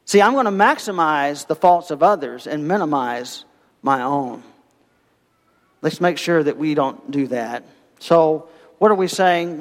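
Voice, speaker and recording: A man preaching a sermon, telling a parable with lively, animated storytelling and acting out the voices of its characters. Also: fairly high pitch, in a large hall. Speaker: pastor.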